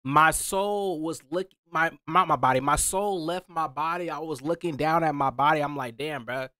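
Slangy, excitable young man reviewing food. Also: fairly high pitch, moderate pace, no room sound. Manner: slangy, excitable, swearing, repeating himself. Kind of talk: casual taste-test vlog.

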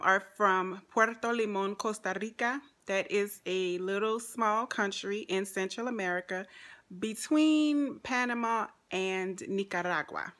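A New Orleans woman in her forties chats to camera as a vlogger, sassy and joking in a casual way. She has a Louisiana accent and a medium-pitched voice with a bright, forceful tone.

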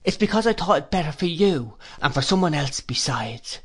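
Tearful, earnest nursemaid, higher voice, read by a man narrating. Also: expressive, moderate pace, fairly bright tone, husky. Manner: tearful, earnest, broken little sentences. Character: kind sobbing working-class nursemaid, woman.

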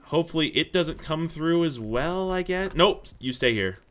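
An excitable young man narrates his own gameplay in a bright, lively voice that leaps between muttering and shouting. He swears freely and talks to himself as he plays. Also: fairly high pitch, moderate pace. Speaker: gaming YouTuber. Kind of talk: live gameplay commentary.

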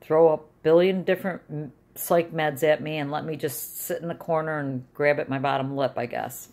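A middle-aged woman speaks in a low register, rambling through a personal video diary. Her talk is emotional and frustrated, moving from one complaint to the next. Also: measured pace, a little mellow. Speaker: vlogger.

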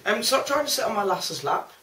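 A woman's voice: medium pitch, very animated, brisk, sharp tone, recorded from a distance. A woman, trading sarcastic, teasing banter in a casual chat. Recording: roomy sound from off the mic.

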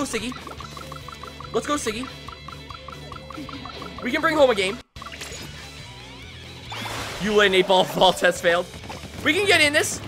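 Excitable young man streaming a game. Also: high-pitched. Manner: excitable, self-deprecating, talks to chat. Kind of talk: live gameplay commentary.

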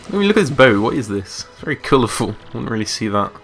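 A man's voice: medium pitch, very animated, quick pace, creaky, fairly bright tone, soft background music. Chatty man commentating a game. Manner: chatty, joking. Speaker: let's play commentator.

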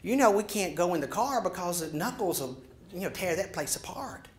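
Man in his sixties, animated lecture storyteller, slightly high voice, drops to whispers. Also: fairly quick. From Georgia, USA. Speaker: storyteller giving a talk.

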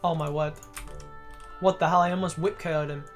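Excitable gamer over faint music. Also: male voice, on the high side, a little fast. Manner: excitable, swears freely, loud exclamations. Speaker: gaming YouTuber. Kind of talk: gameplay commentary. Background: faint background music.

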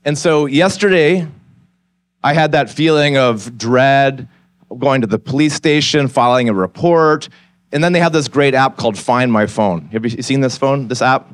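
A man's voice: mid-range voice, moderate pace, dry recording. Male pastor, forties, sermon, conversational then earnest, dry close sound. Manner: candid, conversational storytelling that builds to earnest appeal. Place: church stage.

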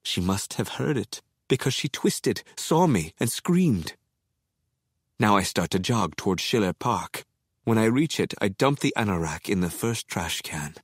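A man narrating an audiobook in the first person, measured, deliberate and quietly menacing. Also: fairly low pitch, big pitch swings, breathy edge, no room sound, clean studio sound.

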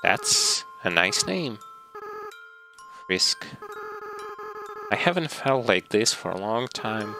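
A man voicing a tearful, remorseful young goat-monster boy as he reads game dialogue aloud in a slow, earnest way over gameplay. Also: medium pitch, huge pitch swings, gravelly, full character voice. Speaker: let's play gamer. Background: game music.

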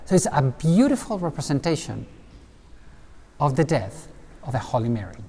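Here the cloister guide sounds on the high side and keeps a moderate pace, with slight background noise in the clip. He explains with lively asides on this casual indoor tour, and the stone cathedral cloister gives a long, echoing reverb.

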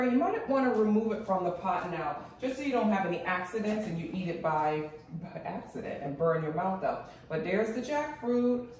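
A woman with a Jamaican accent hosting a casual home cooking vlog, chatty and excitable as she talks to her viewers. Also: mid-range voice, slight background noise. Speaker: cooking channel host. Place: home kitchen. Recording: very echoey room, mic far off.

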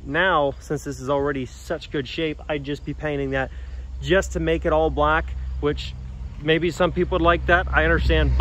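Chatty man with a higher voice. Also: muffled recording, a little hiss or hum. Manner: animated, slangy, talks straight to viewers. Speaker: truck vlogger. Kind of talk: casual vlog talk.

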